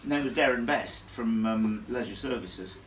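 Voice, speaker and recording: A man telling a ghost story live to an audience in a chatty, animated way, laughing along with the crowd. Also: lowish voice, moderate pace. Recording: echoey room, from far off.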